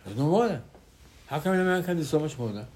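A man's voice: on the high side, expressive, very fast, a little mellow. A man, a rabbi giving an informal Torah class in choppy English with lots of repetition. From Israel. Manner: choppy non-native English with many repetitions.

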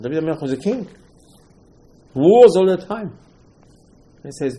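A man's voice: a little high, unhurried, long pauses, low-quality recording. A man, a rabbi, giving an impassioned Torah lecture in broken English, acting out the dialogue as he goes. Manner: animated, acts out dialogue, broken English grammar.

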